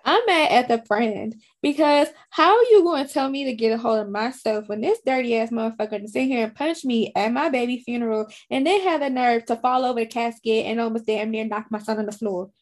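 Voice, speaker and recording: A woman's voice: a little high, brisk, few pauses. A woman co-hosting a podcast, talking bluntly and heatedly about a movie in casual chat. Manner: blunt, heated, profane ranting. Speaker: podcast co-host.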